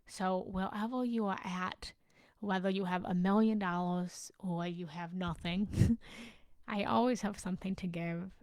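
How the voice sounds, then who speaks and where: Passionate, gravelly-voiced woman coach. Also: lowish voice, steady tone, unhurried, darkish tone, dry recording. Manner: passionate and emotional, swears freely; drops into whispers for emphasis. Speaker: relationship and self-love coach. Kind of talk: live-streamed personal talk to followers.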